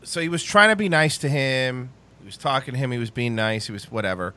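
A man hosting a podcast, telling a comedic story in a rambling, animated way and laughing at his own jokes. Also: medium pitch, fairly quick.

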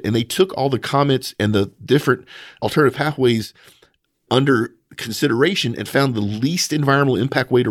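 A man hosting a podcast, giving opinionated, animated commentary on industry news in casual chat. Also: mid-range voice, no room sound, clean studio sound. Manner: opinionated, animated, mocking asides. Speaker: podcast host.

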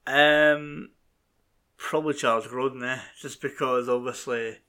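A man's voice: medium pitch, fairly even intonation, a little slow, pushed and bright, clear, resonant tone. A man co-hosting a casual film review chat, making laid-back, offhand remarks with some swearing. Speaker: podcast co-host.

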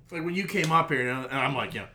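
A man's voice: fairly high pitch, very fast, a little hiss or hum. A man co-hosting a podcast, chatting casually and teasing his friend, often acting out quotes. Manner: animated, teasing, acts out quotes. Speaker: podcast co-host. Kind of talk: casual chat.

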